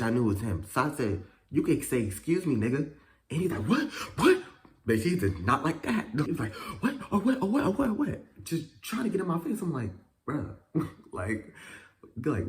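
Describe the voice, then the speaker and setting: A young man in a casual storytime vlog, telling a school story in animated, profane bursts with sudden jumps in pitch. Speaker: vlogger.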